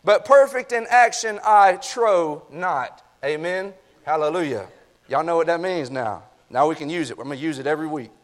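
A man's voice: a little high, normal speed. A man preaching a sermon as pastor, reading scripture and praying, folksy and addressing the congregation directly. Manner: folksy, talks to the congregation with "y'all". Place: church sanctuary.

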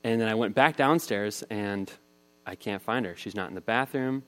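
A man's voice: fairly low pitch, normal speed. A man in his thirties preaching a sermon, telling a family story in a casual, conversational way. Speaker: pastor.

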